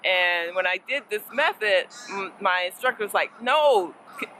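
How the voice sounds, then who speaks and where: Casual woman learner-teacher, bright tone, talky and playful, sprinkles in Spanish words. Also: mid-range voice, moderate pace, slight background noise, poor audio. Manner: chatty and playful, laughs often, mixes in Spanish words. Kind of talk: casual vlog lesson.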